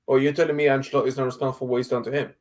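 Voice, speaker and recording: A man's voice: mid-range voice, flat delivery, rapid-fire, darkish tone. A man co-hosting a casual football debate over an online call, blunt and exasperated, firing off rhetorical questions and swearing. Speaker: football podcast co-host.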